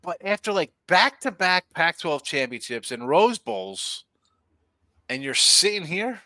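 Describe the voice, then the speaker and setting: A man's voice: fairly high pitch, sing-song, unhurried, pushed and bright, dry recording. A man talking through a college football pick on a betting podcast, rambling and jokey as he thinks aloud. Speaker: sports betting analyst. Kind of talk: casual sports podcast chat.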